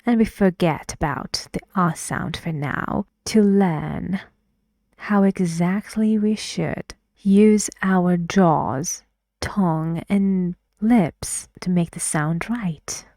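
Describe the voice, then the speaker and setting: A woman teaches English pronunciation at a very slow, patient pace. Her voice sits a little low and often sinks into a breathy half-whisper. The sound is dry and close. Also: dark tone, no room sound. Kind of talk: pronunciation lesson.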